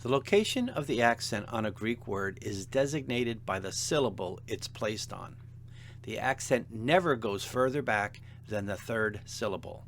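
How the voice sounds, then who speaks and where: A man teaching a seminary language lesson in a measured, deliberate, scripted narration. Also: fairly low pitch, lively intonation, slight background noise. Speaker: seminary instructor.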